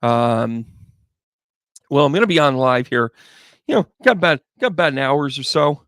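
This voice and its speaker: A man's voice: medium pitch, lively intonation, normal speed, a bit bright, no room sound, clean studio sound. A man hosting a live tarot reading stream, chatting casually and playfully with viewers and rambling through jokey asides. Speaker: psychic medium and tarot reader, live stream host.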